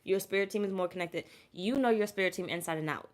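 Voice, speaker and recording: A woman's voice: medium pitch, fast talker. A woman giving a casual, chatty tarot reading to viewers and calling them "y'all". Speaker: tarot reader.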